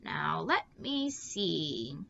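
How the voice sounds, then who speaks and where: Woman doing a creaky, eccentric old woman. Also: low voice, sing-song, very slow, bright, forceful tone, lo-fi sound, a little hiss or hum, heavily acted. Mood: cheery. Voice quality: creaky, like an unoiled gate. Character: eccentric old woman wanderer, odd and cheerful.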